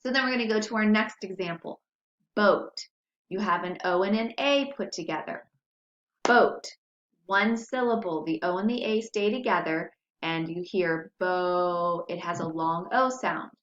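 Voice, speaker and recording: A woman's voice: mid-range voice, moderate pace. A woman teacher giving a recorded spelling lesson to young children, patiently sounding out words syllable by syllable. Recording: echoey room, dull lo-fi sound.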